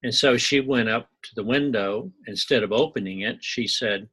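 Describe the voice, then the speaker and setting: Middle-aged male lecturer from Missouri, folksy and digressive, with a rough, breathy edge to the voice. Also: medium pitch, moderate pace, fairly bright tone, low-quality recording. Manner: rambling, folksy, digressive with asides and small jokes. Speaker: university instructor. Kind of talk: recorded lecture commentary.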